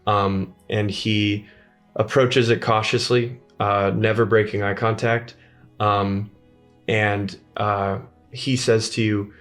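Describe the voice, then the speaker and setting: A man narrating a tabletop game as game master, halting, with many fillers. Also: fairly low pitch, level tone, fairly bright tone, soft background music.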